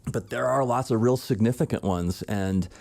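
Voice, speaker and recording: A man, a voice actor guest, talking casually on a podcast in a relaxed, thoughtful way. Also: medium pitch, moderate pace, vocal fry.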